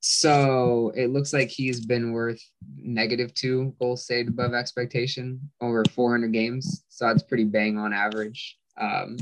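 A man guest explaining stats in a measured, casual way, often restarting his sentences. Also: mid-range voice, little pitch movement, a little hiss or hum.

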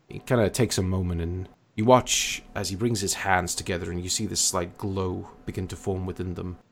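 A man narrating a tabletop game as game master, in a relaxed, filler-heavy way. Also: low-pitched, a little fast, creaky, hardly any pauses, a little hiss or hum.

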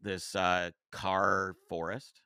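A man in his thirties co-hosting a podcast, telling a story in a casual, animated way. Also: low voice, drawn-out words, clean tone, no room sound, clean studio sound. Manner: animated storyteller, mimics voices in quotes. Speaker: podcast co-host.

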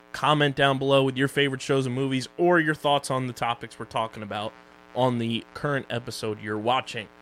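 A man's voice: mid-range voice, a bit bright. A young man co-hosting a casual podcast about streaming shows, joking loosely as he runs through social plugs and sponsor reads. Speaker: podcast co-host.

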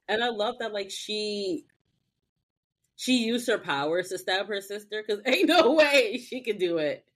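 A woman co-hosting a podcast, recapping a TV episode in an animated, profane way. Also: medium pitch, a little slow. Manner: animated, profane, acts out characters. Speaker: podcast co-host. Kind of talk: casual chat recapping a TV episode.

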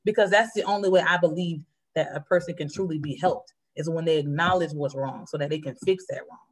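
A woman in a casual faith conversation, talking fast and earnestly as she shares her testimony. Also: low voice. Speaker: churchgoer sharing testimony.

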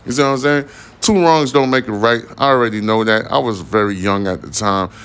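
A man's voice: mid-range voice, fairly even intonation, a little fast, fairly bright tone, clear, resonant tone. A young man hosting a podcast, rambling casually in a profane, slang-heavy monologue. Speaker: podcast host.

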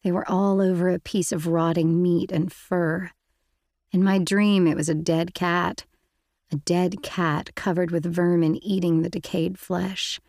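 Woman, audiobook narrator, gravelly, low voice, first-person, reflective, intimate. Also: level tone, measured pace, a little mellow, no room sound, clean studio sound.

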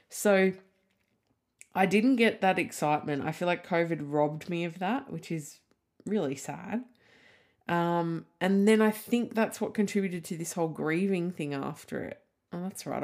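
A thirty-something woman with a fairly low pitch talks at a measured pace on her solo podcast. The chat is casual and candid, rambling, peppered with "like" and the odd swear.

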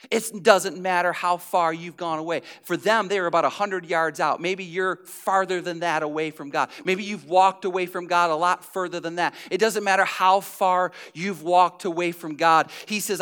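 A man preaching a sermon as pastor, telling stories in an animated, conversational way. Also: high voice, normal speed, few pauses, smooth.

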